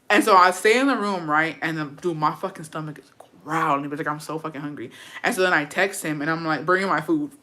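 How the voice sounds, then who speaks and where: A young woman telling a storytime in a bright, sharp voice. She talks in an animated, profane way and drops Spanish phrases into her English. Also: low-pitched, fast. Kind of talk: casual storytime chat.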